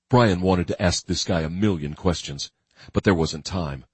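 A man giving steady, grim scripted narration of a thriller audiobook. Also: deep voice, normal speed, breathy edge, no room sound.

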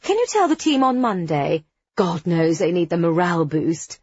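A woman's voice: fairly low pitch, sing-song, normal speed, a little mellow, husky, no echo, dull audio. A woman voicing a smug, fashionable businesswoman who gushes on the phone in an affected way. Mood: brisk bossy. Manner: gushing, affected phone chatter. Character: smug posh businesswoman, fashionable and self-satisfied.

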